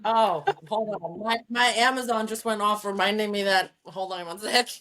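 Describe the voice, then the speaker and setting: A woman's voice: mid-range voice, fairly even intonation, normal speed, pushed and bright. A woman author co-hosting a podcast, chatting casually in a rambling way with frank asides. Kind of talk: casual chat.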